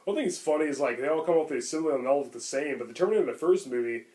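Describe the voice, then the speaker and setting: Rapid-fire and fairly high in pitch, with a dark tone, this man co-hosts a podcast. His casual talk about films is enthusiastic and rambling, packed with fillers.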